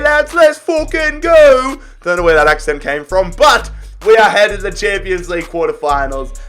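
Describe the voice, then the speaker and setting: Excitable young man. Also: a little high. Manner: excitable, swears freely, talks to viewers as lads. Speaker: gaming YouTuber. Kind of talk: casual gameplay commentary.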